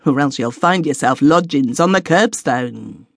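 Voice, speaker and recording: A woman narrator voicing Joe, a blunt young man from a horse-dealing family who speaks loudly and sometimes mocks in an affected voice. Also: expressive, unhurried, vocal fry, no room sound, studio quality, exaggerated voice. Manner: loud, blunt, mocking a high affected voice to the dog. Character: gruff adult male horse dealer's son, blunt.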